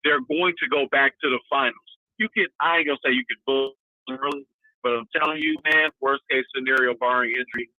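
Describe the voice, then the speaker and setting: A man co-hosting a casual sports talk show, talking in an animated, profane, emphatic rambling way. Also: mid-range voice, brisk, dry recording. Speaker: co-host. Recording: tinny phone line.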